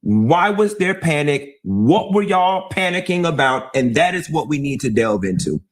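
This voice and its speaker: A man's voice: on the high side, big pitch swings, moderate pace. A man on a heated panel discussion, speaking bluntly and emphatically, repeating his points for force. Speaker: livestream host and commentator.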